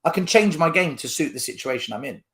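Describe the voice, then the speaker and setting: A man's voice: a little high, lively intonation, fast, fairly bright tone. A man hosting a football fan channel, ranting to camera in a blunt, argumentative way. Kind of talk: fan opinion rant to camera.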